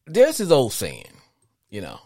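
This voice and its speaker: Animated middle-aged man talking sports. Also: medium pitch, unhurried, no room sound, studio quality. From Arkansas. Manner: animated, rambling with frequent restarts. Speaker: sports podcast host. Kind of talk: call-in sports talk.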